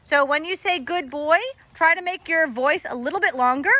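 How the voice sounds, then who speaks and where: A woman's voice: high voice, moderate pace, sharp tone, dry recording. A woman dog trainer coaching a trainee in an encouraging, instructive way.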